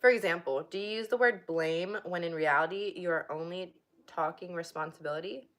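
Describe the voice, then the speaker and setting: A young woman with a fairly low, slightly bright voice reads a book aloud casually and haltingly. Now and then she breaks off to chat and laugh.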